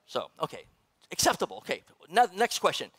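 A middle-aged man, a pastor, preaching in a church, animated and joking with the congregation. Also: high-pitched, fairly quick, creaky, breathy edge, no echo. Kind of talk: sermon. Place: church sanctuary.

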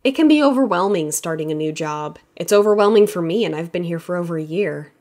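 A quiet young male designer, resigned and matter-of-fact, voiced by a woman reading an audiobook. The delivery stays close to her own voice. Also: lowish voice, animated, fast talker, natural voice.

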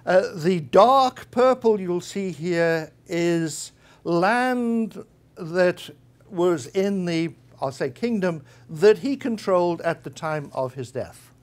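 A man's voice: high voice, animated, takes it slowly. A man giving an academic guest lecture, conversational and wry, with frequent small hesitations. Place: university lecture room.

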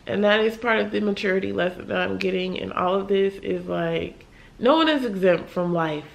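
Weary, candid young woman with gravelly fry. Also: mid-range voice. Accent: American. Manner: candid, tired, halting, with sighs and soft laughs. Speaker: vlogger. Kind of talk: emotional late-night vlog talk.

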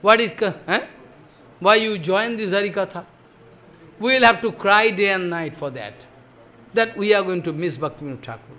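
A man's voice: sits high, normal speed, pauses often, bright, forceful tone. A man giving a devotional sermon, emphatic and questioning, often checking with "follow?". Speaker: spiritual teacher.

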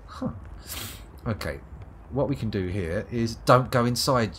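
Animated southern English man commentating a game. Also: medium pitch, measured pace, slight background noise. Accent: southern English, near London. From England. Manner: sardonic, swearing, muttering to himself. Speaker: streamer. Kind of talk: live gameplay commentary.

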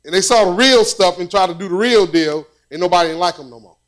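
High-voiced man preaching conversationally. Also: quick pace, a bit bright. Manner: conversational preaching with repetitions and storytelling. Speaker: pastor. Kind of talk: sermon.

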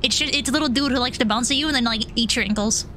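A woman's voice: a little high, very fast, sharp tone, a little hiss or hum. A young woman streaming a video game, chatting casually with friends, swearing and laughing often. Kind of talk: casual gaming chat.

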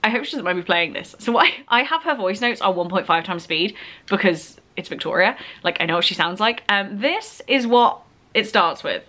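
Young female vlogger, gushing and squealy, pitch all over the place. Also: moderate pace, slight background noise. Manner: gushing, excitable, squeals with delight. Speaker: book vlogger. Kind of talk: casual vlog, unboxing presents.

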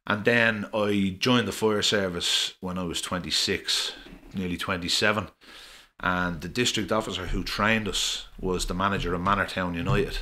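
A middle-aged Irish man rambles through anecdotes in a casual, chatty way, full of fillers. His voice sits low but comes across forceful and punchy. He is a podcast guest telling stories. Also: fairly even intonation, moderate pace. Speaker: podcast guest, former referee. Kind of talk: casual storytelling.

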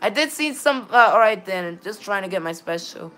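A woman streaming live gameplay who rambles, reads viewer chat aloud and greets viewers, with sudden excited bursts and a habit of repeating "all right then". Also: medium pitch, moderate pace. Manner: sudden excited bursts when directing players. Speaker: game streamer.

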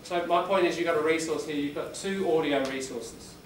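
A man's voice: on the high side, brisk. Man teaching, echoey classroom recording. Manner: explains patiently, demonstrates exaggerated stress by reading aloud. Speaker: English teacher. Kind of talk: classroom lesson. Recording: echoey room, far from the mic, background noise.

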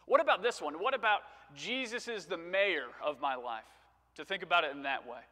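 A man's voice: sits high, animated, fairly quick, pushed and bright. A male preacher giving a conversational sermon, telling stories and asking rhetorical questions. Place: church sanctuary. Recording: reverberant church sanctuary.

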